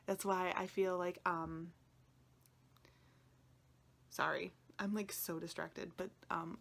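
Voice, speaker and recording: Her pitch sits fairly low, and a little hiss or hum runs under the recording. The tarot vlogger talks to viewers in a loose, emotional way, close to crying, wandering off topic and often whispering.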